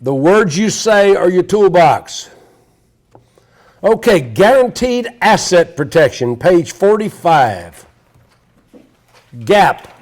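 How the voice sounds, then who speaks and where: A man's voice: high voice, very animated, takes it slowly, pauses often, darkish tone. A man teaching a live sales seminar to an audience, brash and profane as he tells stories. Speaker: sales trainer.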